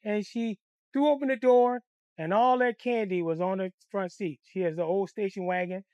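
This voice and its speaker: A man from Detroit telling a childhood story in a blunt, crude, animated way. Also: high-pitched, normal speed, smooth, dry recording, highs cut off. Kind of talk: comic storytime.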